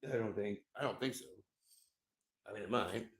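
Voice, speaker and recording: A middle-aged man rambles on a livestream from indoors at home, swearing often and repeating his words. His voice is lowish and a bit bright, with vocal fry, at normal speed.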